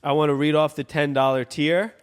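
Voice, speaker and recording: A man's voice: on the high side, fairly even intonation, brisk, clear, resonant tone. A young man co-hosting a podcast in casual, jokey chat, reading out supporter names. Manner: laid-back, jokey, reads out supporter names. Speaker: podcast co-host.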